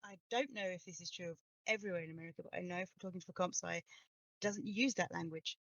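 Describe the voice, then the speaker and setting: A woman co-hosting a casual talk show, relaxed and talkative with frequent laughter. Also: lowish voice, quick pace, no echo, highs cut off. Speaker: co-host. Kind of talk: casual chat.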